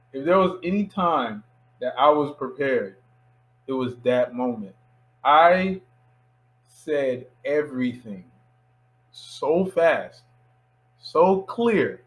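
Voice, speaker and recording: A young man from Miami, a filmmaker, telling a story as an interview guest, acting out the people in it. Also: on the high side. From Miami, United States. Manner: animated storyteller acting out quotes.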